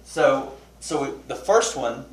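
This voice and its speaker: A man teaching a small Bible study group, chatty and animated, asking questions and telling funny stories. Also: medium pitch, slow pace. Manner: tells funny anecdotes with restarts. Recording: roomy, distant mic, faint noise.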